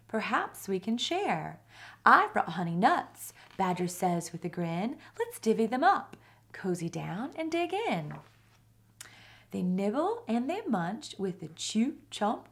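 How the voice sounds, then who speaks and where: A woman volunteer reading a children's picture book aloud, slowing down for the repeated refrain. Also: mid-range voice. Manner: expressive storytelling, slows on the refrain. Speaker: volunteer reader.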